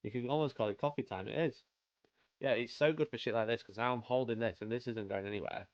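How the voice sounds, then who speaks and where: A British man with a mid-range voice talks fast while hosting a live stream and painting miniatures, chatting casually and greeting viewers by name. There's no room sound, and the audio is dull.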